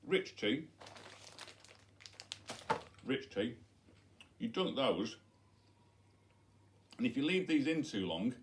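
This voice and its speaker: A man's voice: medium pitch, big pitch swings, slow pace, pauses often, a little hiss or hum. Man, middle-aged, head teacher, playful, chatty, school video message. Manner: playful, chatty, demonstrating with props. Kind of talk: school science week video message to pupils.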